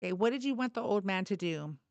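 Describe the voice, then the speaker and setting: A woman's voice: medium pitch, lively intonation, fast, a little mellow, no room sound. A woman from Texas hosting a livestream, arguing politics bluntly and swearing freely. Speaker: livestream host. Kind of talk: heated political debate.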